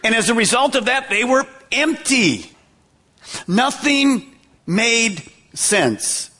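A man preaching a sermon as pastor, dramatic, with sudden slow drops and repeated words for emphasis. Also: big pitch swings, sharp tone, breathy edge. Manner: dramatic preaching with wide swings in pitch and pace.

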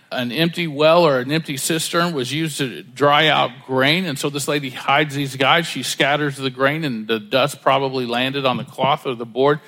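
A man's voice: mid-range voice, pushed and bright, in a large hall. A middle-aged male pastor preaching in a conversational way, acting out the voices of people he quotes. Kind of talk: sermon.

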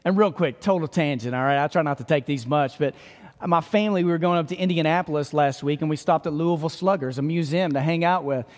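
A man delivers a sermon in a lively, conversational way, firing off rhetorical questions and friendly asides. His voice sits high for a man. The sound carries a long reverb, as from a large church hall. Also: quick pace. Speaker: pastor.

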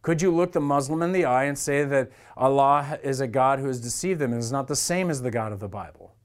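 A man's voice: medium pitch, a little fast. A man preaching a sermon as a church pastor, talking to the congregation in an earnest, conversational way.

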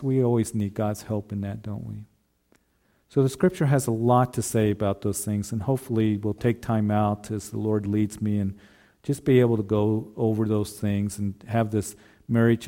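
A man's voice: on the low side, dark tone. A man preaching a sermon, speaking earnestly and repeating phrases as he addresses the husbands in the congregation. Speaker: pastor.

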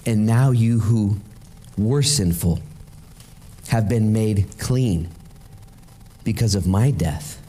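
A male preacher voicing Jesus as a patient, gentle man, dropping into a low, quiet, insistent tone. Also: slow, long pauses. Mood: earnest.

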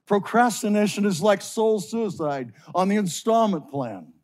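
A pastor preaching a sermon to his congregation, slowing down and stressing key phrases with passion. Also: sits high, animated, a little mellow.

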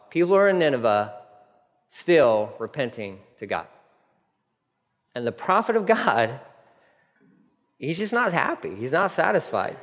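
A man preaching a casual, animated sermon, acting out the people in his story. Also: a little high. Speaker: pastor. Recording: long hall reverb.

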